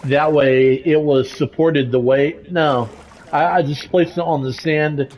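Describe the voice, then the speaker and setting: Guy streaming a building game, kinda high voice, talks slow with lots of uhs, cusses when stuff breaks. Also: steady tone, muffled recording, a little hiss or hum. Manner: frustrated, hesitant, many restarts and fillers; swears at the game. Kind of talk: casual chat while gaming.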